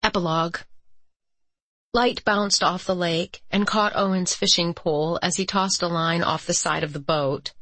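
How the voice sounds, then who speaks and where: A woman reading a romance audiobook as its narrator, with measured, even storytelling. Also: on the low side, no echo. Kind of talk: scripted narration.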